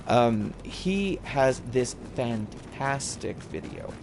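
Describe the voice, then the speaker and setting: A man's voice: mid-range voice, a little mellow, slight background noise. Rambling male gamer streaming from home. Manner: rambling, loose and self-correcting. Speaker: streamer playing a video game. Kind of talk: live gameplay commentary.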